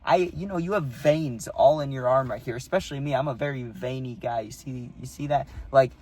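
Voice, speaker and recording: A man's voice: mid-range voice, fairly quick, a little mellow. A man telling a personal story straight to the camera in a loose, chatty way, dropping "dude" and "like" all through his talk. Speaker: storytime vlogger.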